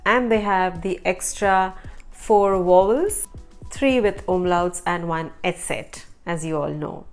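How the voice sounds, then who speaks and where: A woman from India hosting an online language lesson, repeating words slowly and quizzing the viewer. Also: mid-range voice, darkish tone. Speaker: language teacher and channel host.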